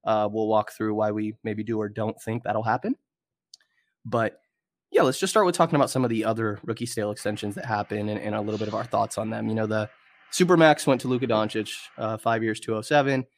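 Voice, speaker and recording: A man hosting a casual sports podcast, a little congested and nasal, talking in a relaxed conversational way. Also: lowish voice, a little fast. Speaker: podcast host.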